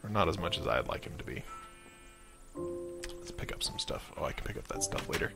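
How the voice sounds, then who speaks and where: A man casually chatting and loosely retelling a story while playing a video game, with excited outbursts at enemies. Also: deep voice, brisk, gravelly, loud music behind the voice. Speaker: gaming video host. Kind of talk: casual gameplay commentary.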